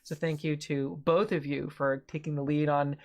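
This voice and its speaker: A woman hosting a tabletop game stream, upbeat and quick to laugh as she introduces the players. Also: sits low, little pitch movement, a little mellow. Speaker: game master and stream host.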